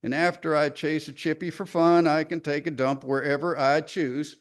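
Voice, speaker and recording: A man's voice: a little high, fairly even intonation, moderate pace, close to an everyday voice. A man voicing a proud, scrappy barn cat in a folksy country dialect, reading a poem aloud. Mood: boastful. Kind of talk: dramatic poetry reading.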